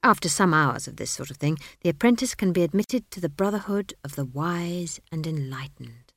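A woman narrating a comic fantasy novel with expressive, dramatic storytelling. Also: deep voice, normal speed, no echo. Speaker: audiobook narrator. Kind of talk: scripted narration.

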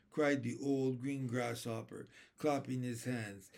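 A man reading a children's book aloud in an expressive storybook voice. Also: mid-range voice, measured pace, vocal fry, hardly any pauses. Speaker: reader.

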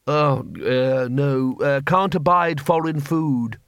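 A man's voice: medium pitch, takes it slowly, fairly bright tone, clear, resonant tone, dry recording. A man voicing a blunt, blustering older wizard who stammers and halts. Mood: musing. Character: bluff, blustering older male wizard chancellor.

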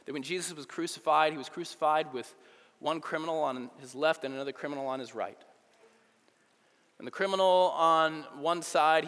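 Wysoki głos młodego pastora w pogłosie sali. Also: male voice, fairly high pitch, a bit bright. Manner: casual, conversational preaching with fillers. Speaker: youth pastor. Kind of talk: sermon. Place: church worship hall. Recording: long hall reverb.

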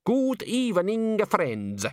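A man's voice: high-pitched, huge pitch swings, slow, a little mellow, dry recording, studio quality, voice pushed up, heavily acted. A man voicing a tenor who sings in his bath and speaks with a hammy, put-on foreign accent, in a storybook reading. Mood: crooning. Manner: singing, theatrical.

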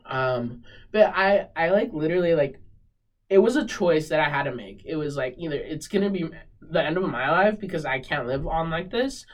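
A woman's voice: deep voice, lively intonation, moderate pace. Woman telling her story, slightly distant. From Mexican heritage, United States. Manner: candid and emotional, laughs often between words. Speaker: podcast guest. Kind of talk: personal storytelling in a casual interview.

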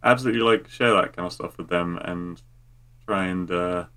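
A man's voice: low-pitched, normal speed, sharp tone, smooth. A man co-hosting a podcast, chatting casually and hesitantly with many fillers. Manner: hesitant, lots of "uh" and "um". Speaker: podcast co-host. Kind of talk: casual chat.

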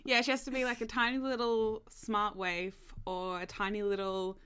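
A woman's voice: mid-range voice, level tone, moderate pace, fairly bright tone, clear, resonant tone. A woman co-hosting a podcast in casual chat, talking with many fillers and laughing often. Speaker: podcast co-host.

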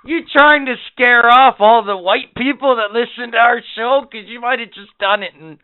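A man's voice: very high-pitched, normal speed, clear, resonant tone. A man co-hosting a podcast, boisterous and profane, laughing often and ranting in casual banter. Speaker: podcast co-host. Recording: tinny lo-fi recording.

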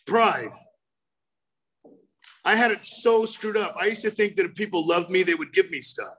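A man in his forties telling his recovery story, animated, breaking into loud exasperated outbursts. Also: sits high, brisk. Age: 40s. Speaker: speaker sharing recovery story. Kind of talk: recovery talk, personal story.

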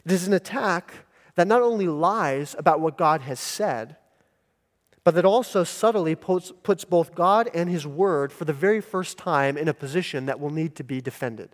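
Emphatic preacher man in a reverberant hall. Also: a little high. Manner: deliberate, emphatic teaching. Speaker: pastor. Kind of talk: sermon.

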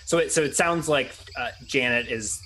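A man plays a tabletop game online, talking through his choices and stumbling over restarts. His voice sits mid-range and sounds bright. A faint hiss is heard in the background. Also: mid-range voice, normal speed, low-quality recording. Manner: chatty, thinking aloud, hesitant restarts. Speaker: player. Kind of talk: casual tabletop game play.

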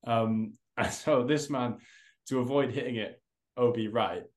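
A man's voice: mid-range voice, measured pace, darkish tone. A man co-hosting a casual podcast, rambling and swearing offhand, calling everyone mate, over a video call. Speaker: podcast co-host. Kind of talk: casual chat.

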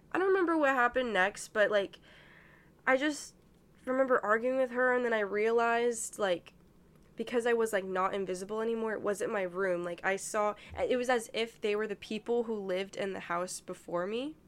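A woman's voice: on the high side, a bit bright. A young woman chatting casually as a podcast co-host, rambling through a dream story with lots of "like". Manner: rambling, heavy use of "like". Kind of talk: casual chat, telling a dream.

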